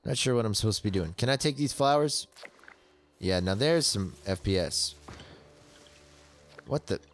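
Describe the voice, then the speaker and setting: Jumpy young gamer man, lively voice. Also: fairly low pitch, normal speed. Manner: jumpy, yelps and shrieks when startled. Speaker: let's play gamer. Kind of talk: casual gameplay commentary.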